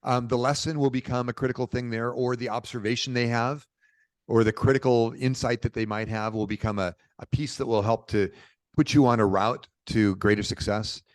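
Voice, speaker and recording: A middle-aged man from Portland, Oregon, telling stories as a podcast guest in a lively, informal way. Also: mid-range voice, a little fast, no room sound. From Portland, Oregon, USA. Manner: animated, informal, peppered with "dude" and "bro". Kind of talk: casual conversational storytelling.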